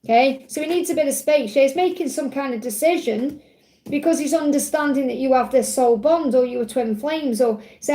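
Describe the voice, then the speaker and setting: A woman's voice: sits high, a little fast, mellow, reverberant, rough recording. A woman hosting a live card-reading stream, chatty and reassuring, often checking "okay?" with her viewers. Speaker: tarot card reader and livestream host.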